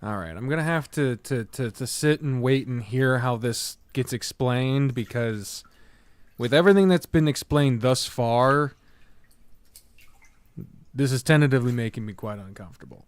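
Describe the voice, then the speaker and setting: A man's voice: medium pitch, moderate pace, clear, resonant tone, no echo. A man reading a story aloud live, dropping wry, dry asides between passages. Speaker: host and narrator.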